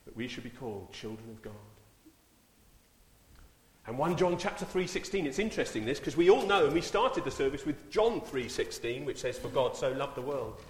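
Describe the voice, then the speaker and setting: A man's voice: medium pitch, expressive, moderate pace. A man preaching a sermon, telling a story, then rising to emphatic exclamations. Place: church hall. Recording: echoey church with long reverb.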